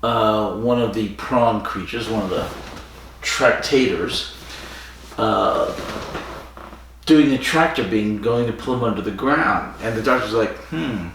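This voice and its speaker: Recapping an episode's plot on a laid-back podcast he co-hosts, this man rambles, filling his talk with fillers and restarts. He speaks at a measured pace in a lowish, fairly bright voice. There's slight background noise, and the audio is roomy, captured far from the mic.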